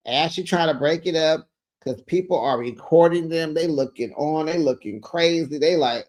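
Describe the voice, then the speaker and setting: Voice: mid-range voice, normal speed, darkish tone. A host giving a casual recap of a reality show, sassy and gossipy, breaking into exclamations and laughs while retelling.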